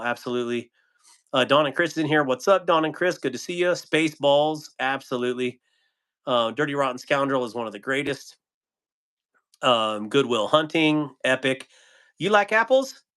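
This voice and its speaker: A man's voice: mid-range voice, fairly bright tone. A man hosting a casual livestream, reading viewer comments aloud with frequent chuckles and trailing ums. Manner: laid-back, chuckles often, trails off with ums. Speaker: livestream host reading chat. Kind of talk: casual live chat.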